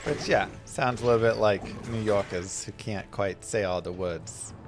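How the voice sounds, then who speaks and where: A man's voice: lowish voice, unhurried, over music. A man giving casual, chatty commentary while streaming a game, mixing game tips with family stories.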